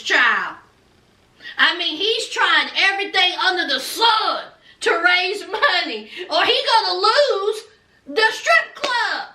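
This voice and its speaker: A TV recap vlogger chats sassily and gossips her way through a show, calling her viewers "honey" and "child." Her very high voice is pushed and bright, and she's far from the mic in an echoey room.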